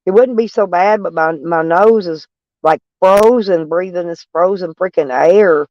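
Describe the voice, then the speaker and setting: A man's voice: high-pitched, a little slow, no echo, muffled recording. A man with a stuffy nose chatting casually with viewers from his van, rambling and plainspoken. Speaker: van life vlogger. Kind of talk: casual live chat with viewers. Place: in a van, door open.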